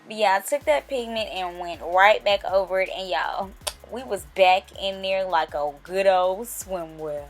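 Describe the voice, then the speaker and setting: A woman's voice: medium pitch, measured pace. A young woman talking viewers through her makeup in a casual, chatty way, addressing them directly as she works. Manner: chatty, talks straight to viewers. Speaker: beauty vlogger. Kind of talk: casual makeup tutorial narration. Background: faint music.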